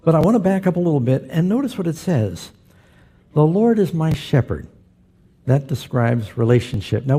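A man's voice: on the high side, warm tone, breathy edge. A middle-aged man preaching a sermon as pastor, telling stories with humor and putting questions to his congregation. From Southern California.

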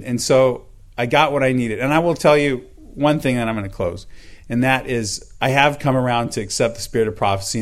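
A middle-aged man giving a personal church testimony, earnest and halting, with many fillers and repeated words. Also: medium pitch. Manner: reads scripture aloud in old-fashioned wording.

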